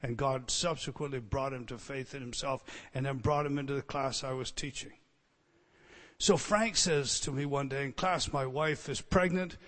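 A man preaching a sermon, swinging between loud emphatic teaching and quiet storytelling. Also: mid-range voice, fairly even intonation, normal speed. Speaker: pastor. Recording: long reverb hall.

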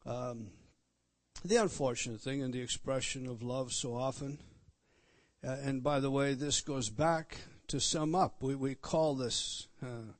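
A man's voice: medium pitch, fairly even intonation, unhurried, dry recording. A man preaching an expository sermon, emphatic, repeating words and turning to the listeners with questions. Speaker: pastor.

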